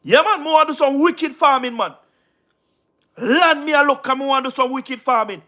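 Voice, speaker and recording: A man's voice: extremely high pitch, normal speed, bright, forceful tone. A man with a Jamaican accent hosting a casual livestream, talking emphatically, repeating himself and often asking if you understand. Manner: repetitive, emphatic, keeps asking "you understand what I mean?". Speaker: livestream host.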